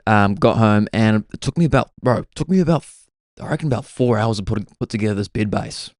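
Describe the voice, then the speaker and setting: A man's voice: fairly low pitch, animated, a little fast, darkish tone, no room sound, studio quality. A young man, hosting a podcast and musing through a laid-back, self-mocking comic monologue. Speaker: podcast host.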